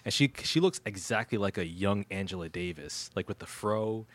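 A man's voice: fairly low pitch, moderate pace. A man co-hosting a casual podcast, reviewing a movie in a rambling, slangy way with lots of restarts. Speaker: podcast co-host.

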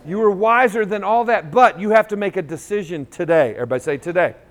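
A man with a high-pitched voice gives an animated talk in a school assembly hall. He tells stories, acts out the dialogue, and gets the crowd to chant lines back to him. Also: fast. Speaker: motivational school speaker. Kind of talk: storytelling speech with call-and-response.

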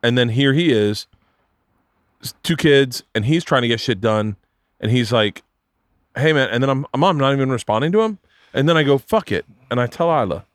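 A man's voice: mid-range voice, fairly quick, no room sound, clean studio sound. A middle-aged man hosting a podcast, telling rambling, profane stories and acting out the people in them. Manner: profane, rambling, animated storyteller who acts out quotes. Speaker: podcast host and comedian. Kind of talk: casual storytelling chat.

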